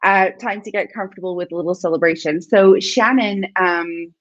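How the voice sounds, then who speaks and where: A woman's voice: fairly low pitch, normal speed, no echo. A woman who co-hosts a podcast, guesting on a video-call interview and talking in an effusive, celebratory way. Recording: dull lo-fi call audio.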